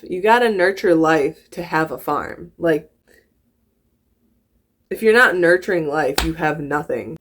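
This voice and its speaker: A woman's voice: deep voice, lively intonation, measured pace. A woman with a slight Southern US drawl, hosting a casual reaction video in a rambling, giggly, self-mocking way. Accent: slips into a Southern US drawl.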